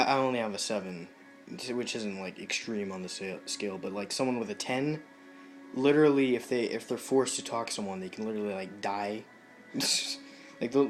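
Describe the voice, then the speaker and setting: Halting young man talking to camera. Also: fairly low pitch. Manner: halting, hesitant, many restarts and fillers. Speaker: vlogger. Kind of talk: casual talk to camera.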